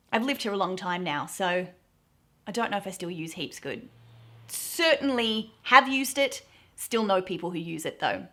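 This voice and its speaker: A chatty woman in her thirties with an Australian accent hosts a YouTube channel, explaining slang to the camera. Her medium-pitched voice has a sharp tone, and she giggles often while poking fun at herself in this casual explainer.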